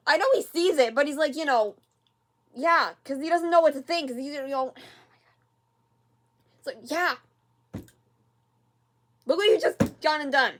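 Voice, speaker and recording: Rambling reaction host, sighs a lot. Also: female voice, high-pitched, unhurried, long pauses. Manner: rambling, many fillers and repeats; exasperated, sighing at the screen. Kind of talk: casual reaction commentary.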